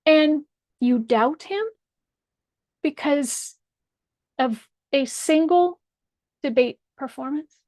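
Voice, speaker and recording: A high-pitched woman speaks slowly and deliberately, hammering home each point in an angry, profane rant. She talks straight to camera, and her voice sounds close and dry. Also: darkish tone, no room sound. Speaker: political commentator. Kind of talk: direct-address video rant.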